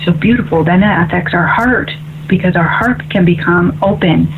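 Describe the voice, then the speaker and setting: A woman's voice: fairly low pitch, normal speed. Woman, radio host and medium, upbeat and chatty, tinny phone-like sound, faint hiss. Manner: upbeat and chatty, often asks "right?". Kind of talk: call-in spiritual radio talk.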